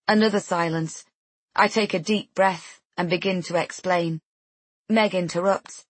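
Audiobook narrator, woman, lowish husky voice, dry close sound. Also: a little slow, dry recording. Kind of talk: scripted first-person narration.

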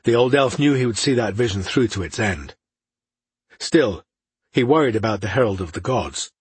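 A man narrating a fantasy audiobook in a measured, even, scripted delivery. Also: on the low side, husky, no echo.

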